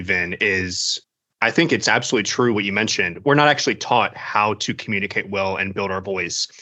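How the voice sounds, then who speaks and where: A male podcast host asks questions in a loose, conversational way. His voice is low-set but very bright and forceful. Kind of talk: interview questions.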